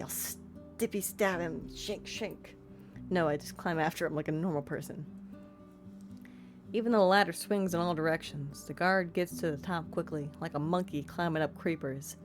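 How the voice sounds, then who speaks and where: Low-voiced woman reading a game aloud. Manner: reads game text aloud, self-deprecating asides. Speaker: streamer. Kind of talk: let's-play narration and commentary.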